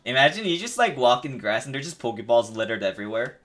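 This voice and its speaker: A young man co-hosting a game stream, reacting in a relaxed, easygoing way. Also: mid-range voice, quick pace. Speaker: gaming co-host. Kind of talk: casual chat over gameplay.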